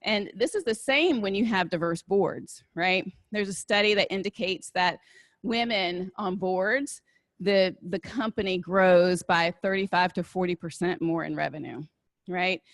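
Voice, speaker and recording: A woman's voice: on the low side, measured pace, dry recording. A woman with a Southern American accent giving a conversational talk on workplace inclusion and taking audience questions, checking in with the room as she goes. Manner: conversational, asks "right?" often. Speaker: diversity and inclusion speaker.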